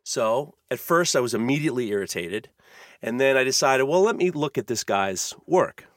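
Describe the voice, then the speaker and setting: A man's voice: mid-range voice, expressive, moderate pace, no room sound, studio quality. A man hosting a casual podcast chat, ranting in a heated, profane way. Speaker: podcast host.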